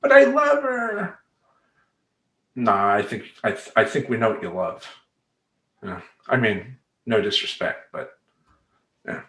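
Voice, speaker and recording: A man's voice: on the low side, unhurried, pauses often, fairly bright tone. A middle-aged man coaching in a casual, emphatic vlog monologue full of streetwise slang. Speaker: life coach. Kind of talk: talking-head vlog monologue. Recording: roomy echoey room.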